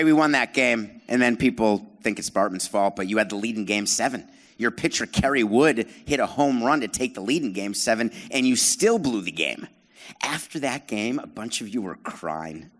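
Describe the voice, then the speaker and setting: A man's voice: mid-range voice, expressive, moderate pace, a bit bright. A middle-aged man works a live theater crowd as a podcast host, trading on sarcasm and cheerful self-mockery. He teases the audience between stories and keeps an ordinary, mid-range speaking voice. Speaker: podcast host and former baseball team president. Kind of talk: live on-stage storytelling to an audience.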